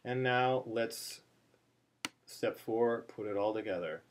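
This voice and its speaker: A man talks slowly, hesitating with fillers as he explains. Between explanations he chants short phrases aloud in a lesson. His voice sits in a middle pitch. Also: slight background noise. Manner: slow, halting speech with many fillers, breaking into chant. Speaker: cantillation teacher. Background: phone ringing in the background.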